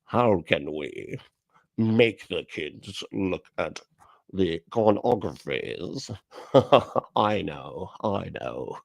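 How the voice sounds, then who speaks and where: A scheming corporate villain spins in his chair and plots in a slow, sinister drawl, as a man puts him on. The voice sits low and gravelly, with a dry, close sound. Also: expressive, no room sound, full character voice. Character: scheming male toy-company villain in a spinny chair.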